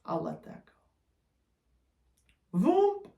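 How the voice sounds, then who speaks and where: A man's voice: sits high, lively intonation, a little slow, echoey room. A man who trains dogs, answering viewer questions in a blunt, teasing, emphatic way. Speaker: dog trainer.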